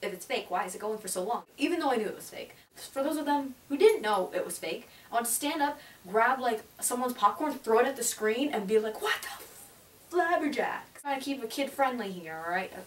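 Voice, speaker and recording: A woman's voice: on the high side, lively intonation, fairly quick, hardly any pauses. A teenage girl reviewing a movie in a chatty, gushing way, with lots of "like". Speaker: vlogger. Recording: roomy, distant mic, faint hiss.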